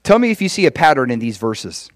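A man preaching a sermon in a conversational, animated way, often acting out quoted conversations. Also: medium pitch, quick pace, no room sound, studio quality. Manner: acts out quoted conversations in changed voices.

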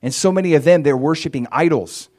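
A man preaching a sermon in an animated way, acting out quoted voices as he retells stories. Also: on the high side, quick pace. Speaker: pastor.

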